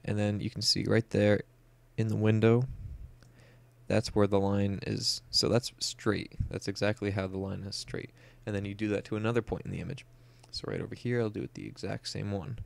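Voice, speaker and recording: In a screen-recorded tutorial, a young man casually guides viewers through photo editing software. His fairly low voice carries a gravelly fry, and he lays out each step plainly, filling gaps with lots of "uh" and "um."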